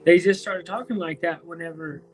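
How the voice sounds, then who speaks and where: A man chatting casually on a home live stream, loose and profane, full of slang and restarts, high from smoking weed. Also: steady tone, brisk, soft background music. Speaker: streamer talking to chat. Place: at home, indoors.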